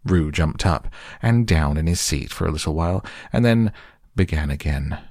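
Deep, slow, gravelly storyteller man. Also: animated, no room sound, studio quality. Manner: gentle, unhurried storytelling. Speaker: narrator. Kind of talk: storybook reading aloud.

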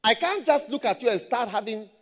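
A man preaching a sermon, telling stories with bursts of shouting and laughter. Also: very high voice, animated, a little fast. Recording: long hall reverb.

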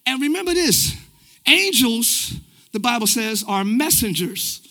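A man preaching a live church sermon in a casual, energetic way, using everyday slang and talking straight to the congregation. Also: very high voice, unhurried. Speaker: pastor. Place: church sanctuary.

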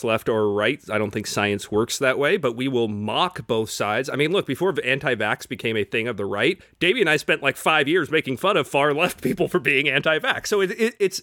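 A man hosting a podcast in casual chat, talkative and quick to laugh, swearing when he gets excited. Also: mid-range voice, dry recording, studio quality. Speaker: podcast host.

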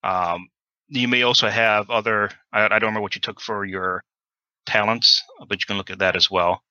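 A man's voice: on the low side, fairly even intonation, moderate pace, pushed and bright, no room sound, muffled recording. A man running a tabletop horror game as game master, talking with many fillers and restarts.

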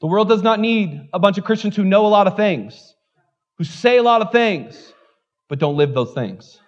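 A man preaching a sermon as pastor, animated, swinging between loud exclamations and quieter asides. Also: sits high, moderate pace, highs cut off.

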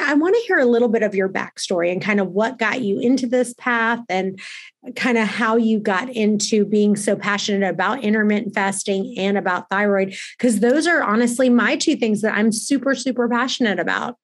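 A woman's voice: mid-range voice, a little fast. A woman hosting a casual interview, speaking in an enthusiastic, gushing way as she welcomes her guest and tells stories. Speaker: host.

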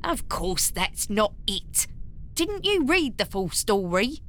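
A woman playing a street-seller narrator who tells the story deliberately and grows exasperated with her partner. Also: medium pitch, sing-song, a bit bright.

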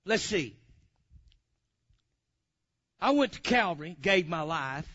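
A man telling a testimony in a sermon, swinging from loud hollering to low, quiet asides. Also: slow pace. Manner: animated storyteller, swings from hollering to low murmurs. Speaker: preacher. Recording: dull lo-fi recording.

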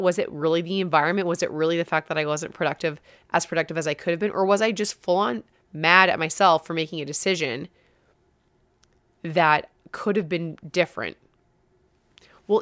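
Woman podcast host talking solo, frank and self-mocking, kinda low voice, dry close mic. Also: no room sound. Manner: candid, animated, self-mocking storytelling with laughs.

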